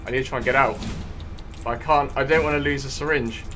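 A young British man giving sweary, jumpy commentary over his own gameplay, hushed one moment and yelling the next. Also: medium pitch, fairly even intonation, fast talker, over music. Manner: jumpy, swears a lot, shifts from hushed to shouting. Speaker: gaming YouTuber.

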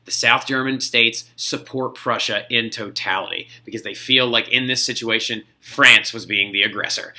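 Energetic, bright-voiced male history teacher. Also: mid-range voice, normal speed, few pauses. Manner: energetic, jokey, talks straight to students. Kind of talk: casual recorded classroom lecture.

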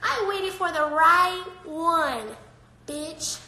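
A woman's voice: very high voice, extremely slow, sharp tone. A woman hosting a casual live stream on her phone at home, brash, profane and laughing often as she chats and talks to her dogs. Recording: echoey room.

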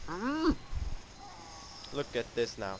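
A man's voice: mid-range voice, lively intonation, unhurried, heavy background noise. A young man giving live commentary over his own gameplay, frustrated, swearing and mocking his own skill in rambling talk.

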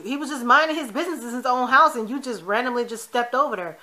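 A woman talks through a TV episode in a relaxed, opinionated recap, quoting the characters as she goes. Her voice sits a little high and sounds very bright and forward. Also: normal speed. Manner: chatty, opinionated retelling of scenes; quotes the characters in passing. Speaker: TV recap vlogger.

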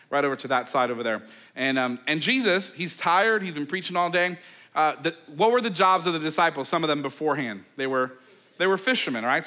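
A man, a pastor, preaching a sermon in a conversational, animated storytelling way, full of casual fillers. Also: on the high side. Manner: animated storytelling, acting out quoted voices; conversational, with many fillers like "like" and "okay".

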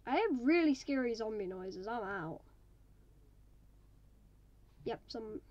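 A woman's voice: a little high, animated, takes it slowly, a little mellow, dull audio. A woman giving casual, chatty commentary to viewers while playing a game. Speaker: gaming video maker.

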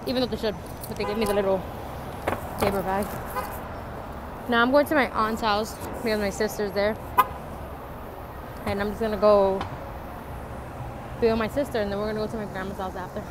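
A young woman from the Dominican Republic talks bluntly and chattily into her phone while she shops, swearing freely. Her voice sits at an ordinary pitch for a woman. Loud shop and street noise runs behind her. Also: fairly even intonation, a little fast, long pauses. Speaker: vlogger. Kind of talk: casual vlog narration. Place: stores and streets in a city. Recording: phone audio with loud public background noise.

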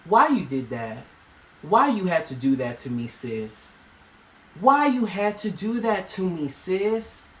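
A woman reacting to an album for her channel, loud and dramatic, swearing freely and exclaiming at every track. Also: fairly low pitch, slight background noise. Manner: brash, profane, dramatic exclamations. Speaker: music reaction YouTuber. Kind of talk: music reaction vlog. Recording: roomy echo, faint music behind.

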